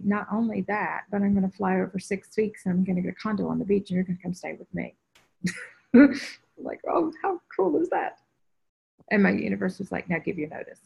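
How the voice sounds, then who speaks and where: On a group video call, a woman spiritual teacher tells a personal story, animatedly acting out the voices she quotes. Her mid-range voice carries vocal fry and a breathy edge, and the call audio is dull and lo-fi.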